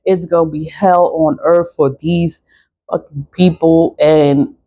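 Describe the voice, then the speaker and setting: Woman vlogger rambling and cussing, laughs a lot, kinda low voice. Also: slow, faint music behind. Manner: rambling, animated, profane, laughs often. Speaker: spiritual vlogger selling cleansing products. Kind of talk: casual monologue to camera.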